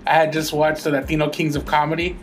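A man's voice: fairly high pitch, little pitch movement, quick pace. Male co-host, forties, easygoing, supportive, light faint music bed. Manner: easygoing, backs up the other speaker with short agreements. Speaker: podcast co-host. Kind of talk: casual chat.

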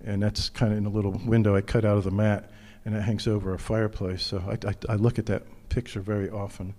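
A male pastor preaching a sermon in an earnest, personal way, dropping his voice low when he speaks of his own struggles. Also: level tone, fast, mellow, long reverb tail.

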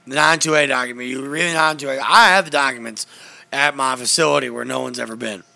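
A man doing a comedic impression of a blustering, middle-aged conspiracy radio host who rants loudly. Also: mid-range voice, quick pace, creaky. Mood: ranting. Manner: ranting, loud, conspiratorial.

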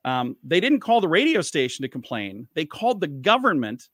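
Man, comedian, casual rambling story, fairly high pitch, dry close sound. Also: very animated, a bit bright, dry recording. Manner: rambling anecdotal, quick to restart sentences. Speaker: comedian and radio host.

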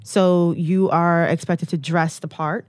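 A woman's voice: lowish voice, flat delivery, takes it slowly, no room sound. Female guest, 30s, from the US, candid storyteller, chatty with frequent fillers, close dry mic. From United States. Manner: chatty, many "like"s and "um"s, acts out quotes.

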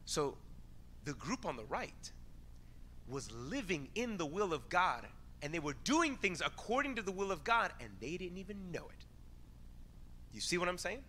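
A man preaching a sermon in a casual, animated way, acting out quick exchanges as he talks. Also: high-pitched, a little hiss or hum. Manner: animated, conversational preaching, acts out voices. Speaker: pastor.

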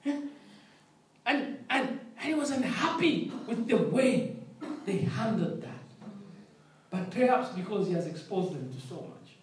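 A man's voice: high-pitched, expressive, measured pace, pauses often, far from the mic. A man preaching a sermon, emphatic, repeating his phrases and calling out to the congregation for response. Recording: echoey room.

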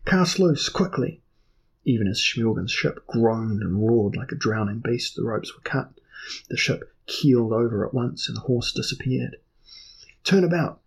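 Gravelly man narrating a fantasy audiobook. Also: mid-range voice, little pitch movement, moderate pace, rough recording.

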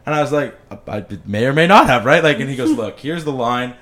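Podcast host, man in his 20s from Canada, quick, animated storyteller who swears freely. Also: mid-range voice.

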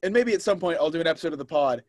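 A man's voice: a little high, lively intonation, racing, a little mellow, no echo. A young man co-hosting a podcast in casual chat, telling stories and laughing easily. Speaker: podcast co-host.

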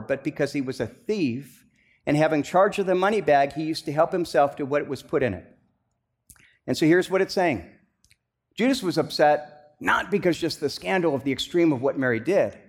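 Conversational male pastor preaching a sermon. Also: on the high side. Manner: conversational, many restarts and fillers, rising to emphatic bursts.

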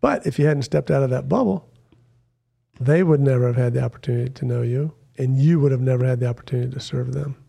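As an upbeat, jokey podcast guest, a man chats casually in a studio on headphones and a mic, quoting other people along the way. His voice is medium-pitched, creaky, dark and husky, and he talks quickly.

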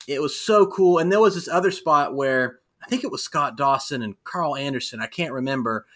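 A man in his thirties co-hosting a casual wrestling chat, animated and rambling with fillers. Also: medium pitch, fairly quick. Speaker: podcast co-host.

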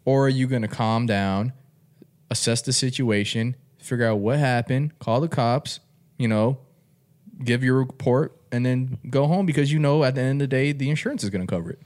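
Man, casual chat, animated storyteller, swears freely, laughs often. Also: medium pitch, moderate pace.

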